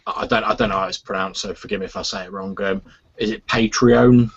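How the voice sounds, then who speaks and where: A man with a low, husky voice rambles through casual chat, piling up fillers and hedges as he talks. The audio is dull and lo-fi, like an old home podcast recording. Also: little pitch movement, quick pace, bright, forceful tone. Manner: rambling, lots of fillers and "sort of". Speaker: podcast host.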